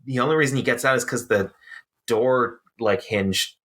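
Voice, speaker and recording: A man co-hosting a podcast, casually recapping a cartoon episode with lots of "uh"s. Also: mid-range voice. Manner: animated, with many "uh"s and quick voiced asides. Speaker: podcast co-host.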